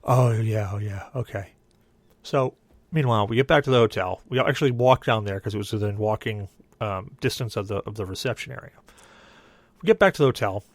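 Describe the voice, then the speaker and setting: A man's voice: fairly low pitch, quick pace, no room sound. A young adult man, a podcast co-host, telling a long story in casual chat and acting out the other people's lines. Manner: animated, voices others in quoted dialogue.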